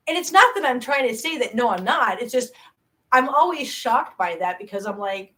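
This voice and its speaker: A rough recording picks up a woman in her 40s with a highish voice, hosting her livestream and chatting about viewer comments. Her talk is lively and rambling, delivered in quick bursts with plenty of self-deprecation.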